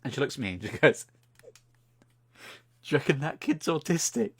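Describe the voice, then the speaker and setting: A man's voice: a little high, very animated, moderate pace, husky. A young British man, co-host of a podcast, telling a funny anecdote in casual chat and swearing freely.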